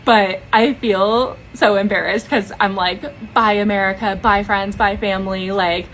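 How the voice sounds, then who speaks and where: A woman's voice: mid-range voice, steady tone, measured pace, a bit bright, a little hiss or hum, poor audio. Young woman with a Valley-girl way of talking. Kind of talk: casual vlog monologue.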